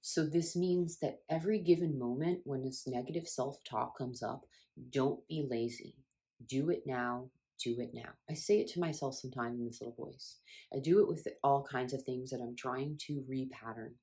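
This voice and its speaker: A woman with a notably low voice speaks in a relaxed, conversational way about spiritual growth. She is earnest and drives points home by repeating her phrases, like a coach talking straight to the listener. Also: normal speed. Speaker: self-help coach. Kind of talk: casual spiritual coaching talk.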